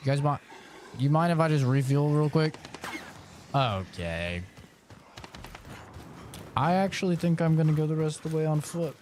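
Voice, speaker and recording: A man's voice: on the high side, very animated, moderate pace, pauses often, darkish tone, slight background noise. A man streaming a video game, giving live commentary full of profane jokes and banter aimed at the characters on screen. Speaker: gaming streamer.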